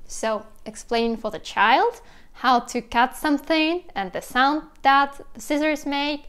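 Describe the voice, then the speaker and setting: A young woman with a Russian accent explains sounds in a casual vlog, lively and imitating animal noises as she goes. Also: high voice, a little slow, smooth. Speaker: language teacher vlogger.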